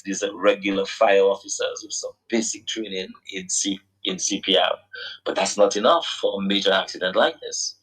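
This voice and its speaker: A man from Dominica on a radio talk show, speaking earnestly and haltingly, often repeating words as he searches for the phrasing. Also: fairly low pitch, a bit bright, husky, poor audio. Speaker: guest recounting a roadside accident. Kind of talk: radio phone-in conversation.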